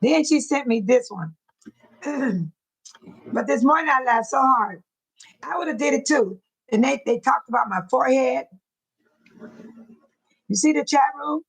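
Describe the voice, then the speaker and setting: High-voiced woman chatting and laughing. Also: lively intonation, measured pace, long pauses, husky, low-quality recording. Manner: chatty, repeats herself, laughs often. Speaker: livestream host. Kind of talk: casual chat to viewers.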